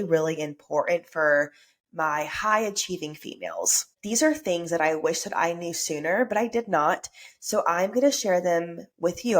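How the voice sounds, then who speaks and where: A woman hosts a solo motivational podcast, sounding upbeat and earnest despite a stuffy nose and sore throat. Her voice sits fairly low.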